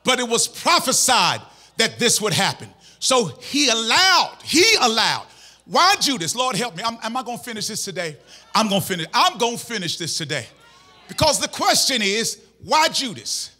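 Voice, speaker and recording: A man preaching a sermon as pastor in a church, impassioned, shouting and half-singing phrases. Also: extremely high pitch, very animated, normal speed.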